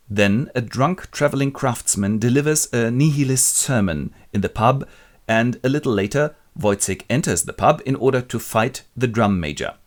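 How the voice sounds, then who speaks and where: A man's voice: mid-range voice, expressive, moderate pace. A man retelling a classic play in a wry, colloquial, comic way. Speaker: literature presenter.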